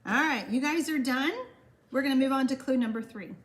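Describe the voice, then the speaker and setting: A woman's voice: high-pitched, a little fast. An older woman with a Texan accent, hosting a live card-making class, chatting with viewers and reading their comments aloud. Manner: chatty, reads viewer comments aloud and answers them warmly. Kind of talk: live-stream craft class with chat.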